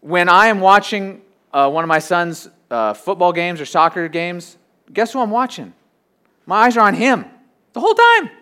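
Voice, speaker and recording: A pastor preaching a sermon, swinging between loud emphasis and quiet, low asides. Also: male voice, moderate pace, smooth.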